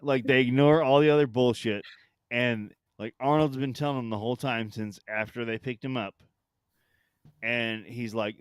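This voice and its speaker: A man co-hosting a loose comedy chat, riffing animatedly and slipping into silly voices, with plenty of swearing. His pitch sits in an ordinary middle range. The sound is dry and close to the mic. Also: normal speed, clean tone, dry recording. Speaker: podcast co-host.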